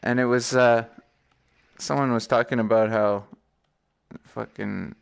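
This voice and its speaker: A man's voice: mid-range voice, steady tone, measured pace, vocal fry, clean tone. A young man hosting a live gaming stream, chatting casually in a rambling, profane way. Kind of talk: casual chat while gaming.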